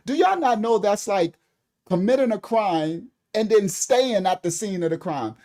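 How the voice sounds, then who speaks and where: Middle-aged man, high voice, livestream commentary host, preachy, teasing, answers his chat. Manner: animated, preachy, laughing, talks straight to viewers and commenters.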